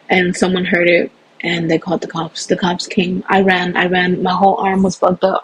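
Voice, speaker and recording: A woman telling her own story in an emotional, animated way, acting out the voices of others. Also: mid-range voice, breathy edge, poor audio. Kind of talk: personal storytelling.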